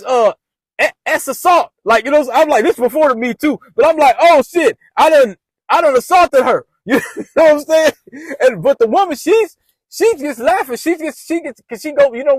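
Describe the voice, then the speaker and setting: A man's voice: very high voice, dry recording. A man casually retelling a personal story in loose slang, often restarting his sentences.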